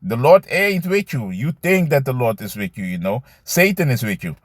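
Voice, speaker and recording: A man teaching scripture in a loose, conversational way, reading verses slowly and commenting, often adding "man" and "you see". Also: mid-range voice, sing-song, no room sound, clean studio sound. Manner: reads verses aloud slowly, then comments.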